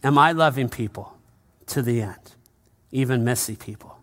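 A man's voice: medium pitch, moderate pace, a bit bright. A male pastor preaching a conversational sermon in church, often calling out to the congregation.

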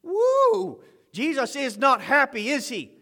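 A man preaching a sermon with fervor, swinging from loud, emphatic lines to quiet asides and repeating phrases for effect. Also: very high-pitched, lively intonation, measured pace.

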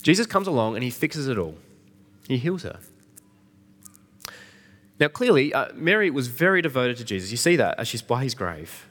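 Man, middle-aged, sermon, conversational, lively pitch. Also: moderate pace, pauses often. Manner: conversational, asks the congregation questions. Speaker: pastor. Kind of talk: Easter sermon.

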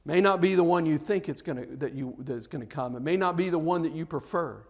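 A man's voice: on the high side, fast. A man preaching a sermon, telling a story with acted-out dialogue and frequent stammered repeats.

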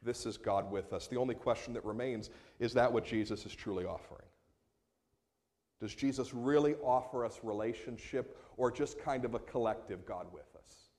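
A man delivering a sermon from the pulpit at a middle, ordinary pitch. His delivery drops to hushed, slowed lines, then climbs into loud, emphatic appeals to the congregation. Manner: swings from hushed, slow passages to raised, emphatic appeals. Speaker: pastor.

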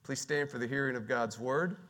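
A male pastor preaching a sermon, emphatic and repetitive, swinging between quiet, low passages and louder, raised ones. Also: fairly quick. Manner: emphatic, repeats key words, swings from quiet to loud.

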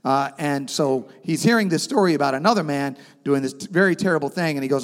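A man preaching a sermon as pastor, retelling a story with emphatic swings in pitch and loudness. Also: quick pace, hardly any pauses. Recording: long reverb of a large hall.

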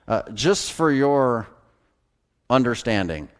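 A man preaching a sermon as a pastor, folksy and animated, chuckling at his own jokes. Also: medium pitch, takes it slowly, clean tone.

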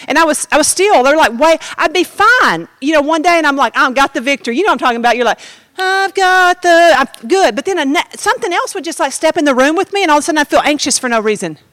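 A woman's voice: high-pitched, a bit bright, dry recording. A woman giving a personal testimony as a sermon, talking straight to the congregation in a conversational way. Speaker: preacher.

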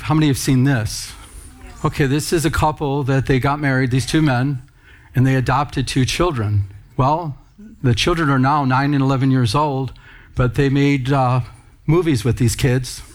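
A man preaching a sermon in church, talking conversationally and with emphasis, calling out to the congregation. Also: medium pitch. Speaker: pastor.

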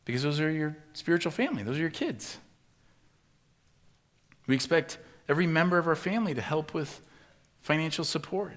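A man preaching a sermon as pastor, acting out the voices of the people he quotes and swinging from loud to hushed. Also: a little high, animated, a little fast, pauses often.

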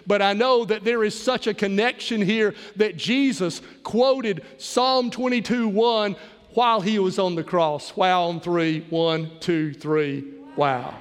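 High-voiced preacher man in a reverberant hall. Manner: reads scripture aloud, leads the congregation in call-and-response. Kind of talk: sermon with scripture reading.

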